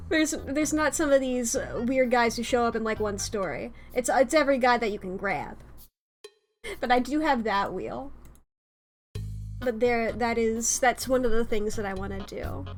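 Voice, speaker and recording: A woman's voice: on the high side, measured pace, pauses often, soft background music. A young adult woman streamer chatting casually to her viewers, rambling, swearing freely and laughing often.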